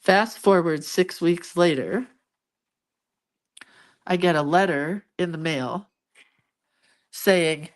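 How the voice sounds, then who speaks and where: A woman's voice: on the low side, slow, long pauses. A middle-aged woman telling a personal story in a casual, rambling way, full of asides. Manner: chatty, rambling, with many asides. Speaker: crafting vlogger.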